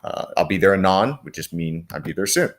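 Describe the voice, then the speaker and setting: A man's voice: low-pitched, lively intonation, fairly quick. A man teaching a lesson, explaining patiently with frequent fillers and reading quoted lines aloud. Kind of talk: recorded classroom lecture.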